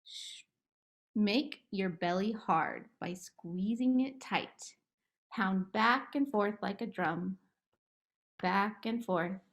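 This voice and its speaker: Slow, gentle woman guiding relaxation. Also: mid-range voice. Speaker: play therapist. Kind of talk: guided relaxation script for children.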